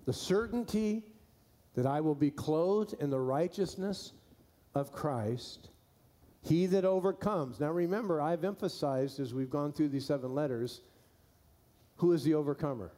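A man's voice: on the high side, unhurried, dark tone. A man preaching a sermon to his church, folksy and repeating key phrases for emphasis. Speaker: pastor.

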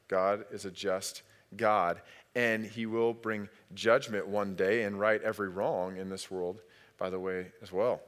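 A middle-aged male pastor preaching a sermon, lively in his storytelling and acting out family voices. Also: lowish voice. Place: church sanctuary. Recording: long hall reverb.

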